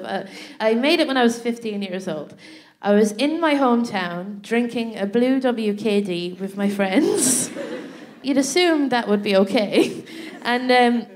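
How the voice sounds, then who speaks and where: An Irish woman co-hosting a live comedy show, telling a story on a theatre stage with a chatty manner, laughing often and asking "right?" as she goes. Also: fairly high pitch. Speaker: comedy podcast co-host.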